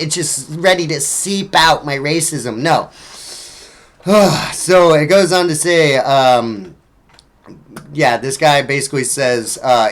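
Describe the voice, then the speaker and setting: A young man hosts a fiery political talk show, swearing freely and mocking his targets with sarcasm. His voice sits a little high for a man, and he stumbles through frequent "uh"s and "um"s as he rants. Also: a bit bright. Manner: angry, profane, sarcastic ranting with frequent fillers. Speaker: radio show host.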